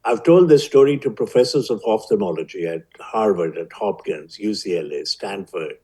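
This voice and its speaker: A man in his seventies with an Indian accent tells a personal story as an interview guest. His voice sits low and sounds mellow and a little husky. He delivers it in a measured, vivid way. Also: expressive, poor audio. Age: 70s. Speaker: guest, physician.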